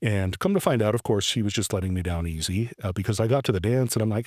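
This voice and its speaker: A man's voice: on the low side, quick pace, few pauses, no room sound, studio quality. Self-deprecating male podcast host telling a story. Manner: animated, self-deprecating storyteller who acts out his own past lines; stammering restarts. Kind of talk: personal storytelling monologue.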